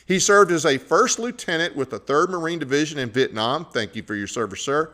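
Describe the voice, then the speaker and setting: A man's voice: a little high, expressive, a little fast, bright, forceful tone. A man hosting a political talk show, giving opinionated commentary in a conversational way with frequent fillers. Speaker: podcast host.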